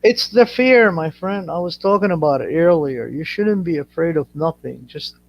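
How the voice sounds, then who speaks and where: A man's voice: a little high, normal speed, gravelly. A man from Iraq chatting casually, telling stories crudely with lots of swearing. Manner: crude, swears freely, animated storyteller. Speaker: channel host. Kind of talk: casual chat. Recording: dull lo-fi audio.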